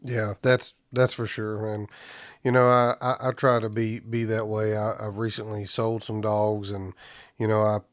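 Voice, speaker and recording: Flat-voiced podcast host. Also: male voice, lowish voice, unhurried, no echo, studio quality. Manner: easygoing, repeats words while thinking. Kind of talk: casual interview.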